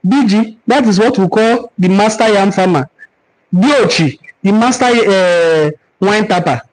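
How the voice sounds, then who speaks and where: The voice belongs to a man whose pitch sits high, speaking at a measured pace on a rough recording. Using a Nigerian accent, he hosts a cultural forum, teaching on a live stream and replying to viewer comments in an earnest, preachy style with words repeated for emphasis.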